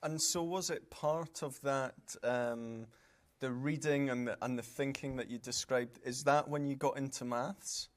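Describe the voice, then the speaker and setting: A man's voice: medium pitch, steady tone, measured pace. A man hosting a live event in a lecture hall, speaking politely and courteously as he introduces and interviews a guest.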